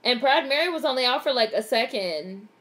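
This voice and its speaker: A young woman vlogger giving a casual live movie reaction, excitable and swearing freely as she narrates what happens on screen. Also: on the high side, a little fast.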